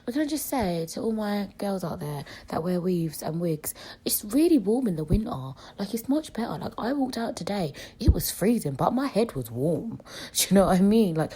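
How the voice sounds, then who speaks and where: A woman's voice: on the low side, mellow, slightly rough. A young British woman hosting a solo podcast, talking frankly and chattily with plenty of swearing while she has a cold. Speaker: podcast host. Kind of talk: casual solo podcast chat.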